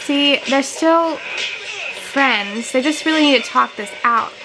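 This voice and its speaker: A young woman giving casual reaction commentary, animated, laughing often, swearing and talking back to the screen. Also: high voice, a little slow, noisy background. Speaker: show reactor. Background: episode soundtrack playing.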